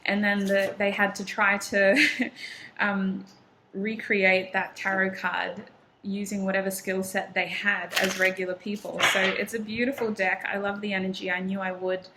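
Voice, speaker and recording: A woman whose first language is not English, reading tarot cards aloud for her viewers in a chatty, encouraging way, often pausing on ums and restarting sentences. A faint hiss sits under her voice. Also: mid-range voice, level tone. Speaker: tarot reader.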